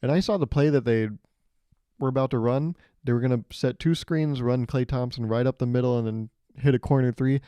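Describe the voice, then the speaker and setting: Brisk and clear, this podcast host has a medium-pitched, steady, resonant voice in an echo-free recording. The young man tells rambling, sarcastic stories on his own, performing loud character voices as part of the comedy.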